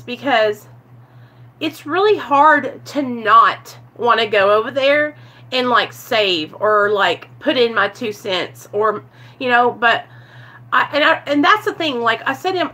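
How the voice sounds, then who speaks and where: A woman's voice: on the high side, sharp tone, breathy edge. A woman vlogger talking earnestly and confessionally to her viewers about recovery, often calling them "you guys" and answering chat comments as they come in. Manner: answers live chat comments mid-talk. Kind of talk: casual live-stream talk to viewers.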